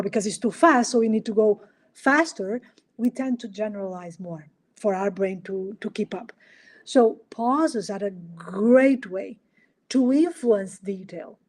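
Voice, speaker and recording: A woman hosting a solo podcast in an animated coaching style, asking rhetorical questions and making small grammar slips. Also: mid-range voice. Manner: animated, acts out little dialogues, asks rhetorical questions. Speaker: podcast host.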